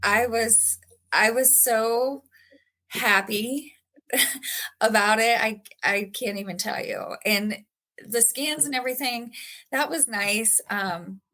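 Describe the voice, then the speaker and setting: A woman's voice: fairly high pitch, slow pace, sharp tone. A woman guest on a podcast interview, telling her own story in an earnest, emotional way with frequent fillers. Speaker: patient guest.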